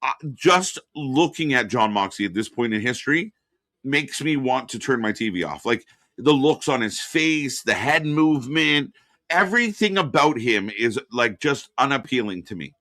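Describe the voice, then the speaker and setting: A man's voice: mid-range voice, lively intonation, moderate pace, sharp tone, no echo, clean studio sound. A man co-hosting a live wrestling watch-party stream, giving blunt, opinionated takes and swearing freely. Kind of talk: casual live-stream chat.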